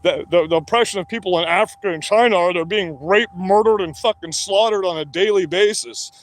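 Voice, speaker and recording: A man rants angrily into the camera by himself, his high-pitched voice moving fairly quickly. The vlogger is combative and profane, cursing constantly.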